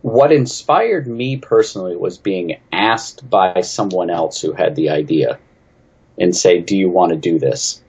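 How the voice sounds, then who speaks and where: A man's voice: deep voice, unhurried, a little mellow, husky, muffled recording. A man from New England, a game designer, answering interview questions in a chatty, snarky, self-deprecating way.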